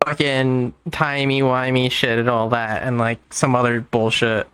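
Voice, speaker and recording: A man's voice: mid-range voice, little pitch movement, unhurried, fairly bright tone, smooth, no room sound, faint music behind, low-quality recording. A man chatting casually on a stream, blunt and teasing, swearing freely. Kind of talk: casual chat.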